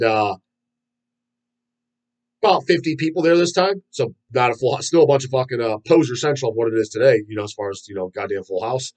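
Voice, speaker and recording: Husky, profane man telling rambling stories. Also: mid-range voice, darkish tone, rough recording. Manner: profane, rambling storyteller with frequent fillers. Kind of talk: casual rant about metal.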